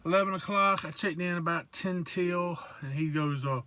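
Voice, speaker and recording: Joking Southern trucker, bright voice. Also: male voice, high voice, moderate pace, smooth, no echo. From South Georgia / North Florida, USA. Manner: folksy, joking, rambling. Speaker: truck driver vlogger. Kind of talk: casual vlog chat. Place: truck cab.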